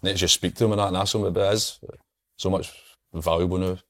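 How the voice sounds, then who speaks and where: A man's voice: low-pitched, fairly even intonation, quick pace. A Scottish man, a former footballer, telling stories in a casual chat and laughing often.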